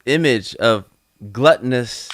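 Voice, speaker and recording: A man's voice: medium pitch, slow pace, a bit bright. A man co-hosting a casual podcast roundtable, ranting bluntly and laughing between points. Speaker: podcast co-host.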